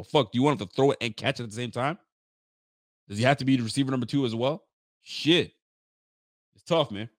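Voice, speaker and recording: A young man with a lowish voice hosts a live fan podcast, venting bluntly and swearing freely while reading out viewer comments. The recording is dry, with clean studio sound.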